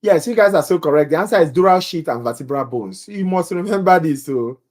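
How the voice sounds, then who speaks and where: A man's voice: on the high side, animated, a little fast, a little mellow. A man leading a live nursing exam-prep review, reading quiz questions and answer options aloud to viewers and joking about his own accent.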